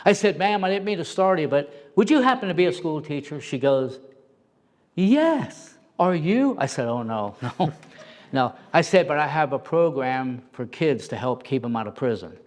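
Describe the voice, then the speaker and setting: A middle-aged man spins personal stories with plenty of life. His voice sits a little high for a man, and he laughs easily as he acts out the people in his tales. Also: normal speed. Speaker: interview guest, storyteller. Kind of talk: animated personal storytelling.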